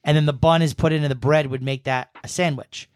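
A man's voice: on the high side, fairly even intonation, fast talker, clear, resonant tone, dry recording, studio quality. Rambling, cursing New England man. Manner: rambling, profane storytelling. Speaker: podcast host. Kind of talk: casual chat.

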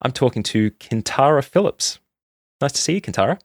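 A man hosting a podcast interview, enthusiastic and a little halting. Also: medium pitch, lively intonation, no echo, clean studio sound. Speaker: podcast host.

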